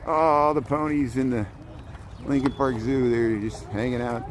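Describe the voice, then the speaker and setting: This clip has poor audio of a man with a mid-range voice, measured pace and fairly even intonation. He's a vlogger on a casual walk through a city zoo's farm area, chatty and jokey, talking to the animals. Outdoor ambience, birdsong and passing vehicles are audible.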